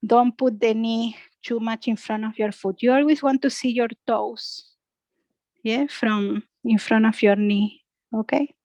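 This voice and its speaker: Soft-spoken woman guiding yoga. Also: a little high, no echo, rough recording. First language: Spanish. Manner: soft, slow cues ending in "yeah?". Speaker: yoga instructor. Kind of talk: guided yoga class.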